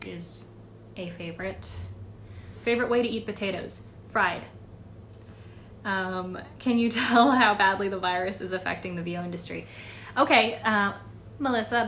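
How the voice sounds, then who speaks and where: A woman's voice: medium pitch, moderate pace, fairly bright tone, a little hiss or hum. Chatty woman answering fan questions. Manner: chatty, rambling with many fillers. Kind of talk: casual livestream Q&A. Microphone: phone or webcam livestream.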